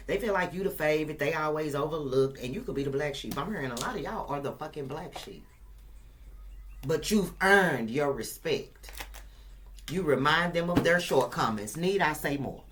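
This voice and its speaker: Low, lively-voiced woman reading tarot. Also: a little hiss or hum. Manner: emphatic, repetitive, profane and playful. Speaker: tarot reader. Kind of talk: casual tarot reading to viewers.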